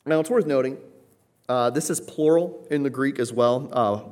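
Emphatic man preaching a sermon. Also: normal speed. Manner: emphatic, varies pitch and loudness for stress; teacherly, frequent "right?" asides. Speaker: pastor. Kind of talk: expository sermon.

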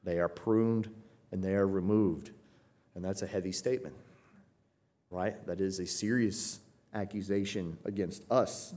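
A man teaching a Bible passage, earnest and emphatic, slowing down to explain Greek wording and often checking in with "right?". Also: sits low, fairly even intonation, dark tone.

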